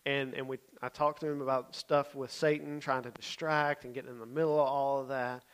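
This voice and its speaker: A man's voice: medium pitch, flat delivery, a little fast, smooth. A man, a youth pastor telling a story in a sermon, conversational and often checking in with his listeners.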